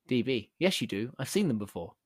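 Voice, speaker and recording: A man voicing a rude, furious woman shopper who shouts indignantly in a raised, shrill voice. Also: big pitch swings, fairly quick, husky, no echo, studio quality. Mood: exasperated.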